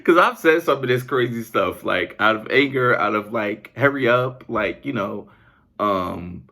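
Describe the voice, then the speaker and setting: A man hosting a podcast in a comedic monologue, incredulous and animated, laughing often. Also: lowish voice, unhurried, vocal fry. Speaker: podcast host.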